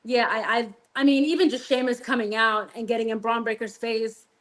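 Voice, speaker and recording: A woman's voice: on the high side, fairly even intonation, fairly quick, a bit bright. A woman co-hosting a wrestling review podcast, enthusiastic, often starting with hesitant fillers. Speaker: podcast co-host. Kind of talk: casual wrestling review chat.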